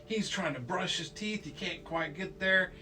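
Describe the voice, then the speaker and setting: A man's voice: high voice, moderate pace, pushed and bright. A man telling a child an improvised bedtime story, playful and rambling, with silly sound effects. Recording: distant mic with faint music.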